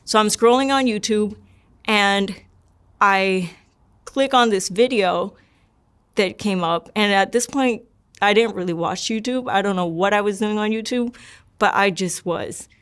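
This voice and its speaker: Smooth-voiced young woman telling her story. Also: medium pitch, a little slow. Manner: rambling, many likes and repeats. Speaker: guest sharing her testimony. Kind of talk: casual personal storytelling.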